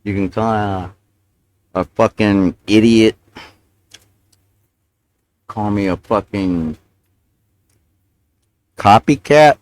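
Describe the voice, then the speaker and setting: Speaking extremely slowly with frequent pauses, a livestreamer with a low, darkish voice rants and curses in rambling stream talk. He justifies himself and mumbles through bites of food, and the recording is rough.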